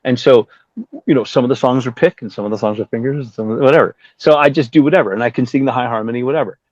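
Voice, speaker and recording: Racing through his story in a darkish mid-range voice, this middle-aged musician from Southern California appears as a casual interview guest. He curses freely and impersonates the people he describes. There's no echo, and the sound is dry and a little dull.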